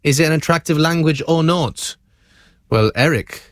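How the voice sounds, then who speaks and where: A man's voice: on the high side, normal speed, no room sound, clean studio sound. A man hosting a breakfast radio show, chatting casually, laughing often and reading out listener messages.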